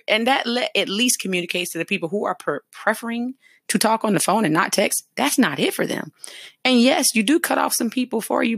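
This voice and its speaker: A woman's voice: fairly low pitch, a bit bright, dry recording, studio quality. A woman hosting a talk show, chatting casually about dating and acting out sample conversations. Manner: chatty, acts out sample dialogue. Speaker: host giving dating advice.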